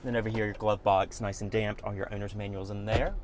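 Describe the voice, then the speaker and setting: A man giving a brisk walkaround tour of a car at a dealership, listing its features in short bursts. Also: fairly low pitch, level tone, a little hiss or hum.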